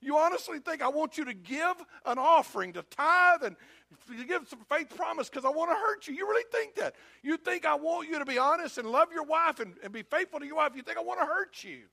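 A man's voice: a little high, a little fast, few pauses, fairly bright tone, dry recording, voice pushed down. A preacher voicing God as a fed-up father. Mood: indignant. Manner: pleading, repetitive, emphatic.

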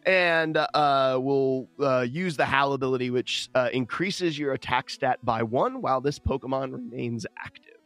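A man's voice: mid-range voice, normal speed, no echo, soft background music. A man playing in a tabletop game, describing his character's antics playfully. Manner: animated, playful. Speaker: player. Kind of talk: casual tabletop play.

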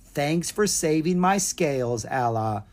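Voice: mid-range voice, animated, takes it slowly, a little mellow. A reader voicing a timid young boy dragon who talks nervously and stammers, in a children's storybook reading. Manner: jittery, stammering.

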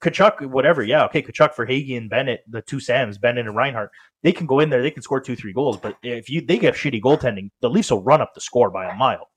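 On a casual sports podcast, a co-host with a husky, mid-range voice talks quickly, wandering through his points with frequent fillers and false starts.

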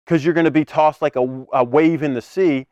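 A man's voice: fairly high pitch, fairly even intonation, moderate pace, a little mellow, smooth, dry recording, dull audio. A man preaching a casual podcast sermon, reading scripture and explaining it in a loose, conversational way with frequent "right?" asides. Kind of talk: podcast sermon, Bible teaching.

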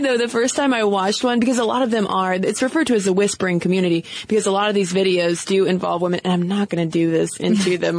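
A woman's voice: mid-range voice, no room sound. A woman co-hosting a podcast in a casual, chatty way, with frequent fillers and laughs. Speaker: podcast co-host.

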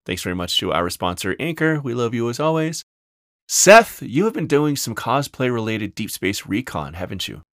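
A man's voice: medium pitch, big pitch swings, normal speed, fairly bright tone, no echo, clean studio sound. A man co-hosting a podcast, blunt and jokey in casual chat. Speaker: podcast co-host.

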